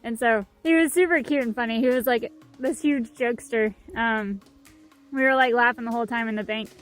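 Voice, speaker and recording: A young woman with a somewhat high voice tells a story to the camera in a relaxed way. She fills her sentences with "like" and "um," talking loosely and cheerfully. Faint music plays underneath. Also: brisk. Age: young adult. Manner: chatty, many fillers like "like" and "um". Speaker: vlog co-host. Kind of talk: casual storytelling chat.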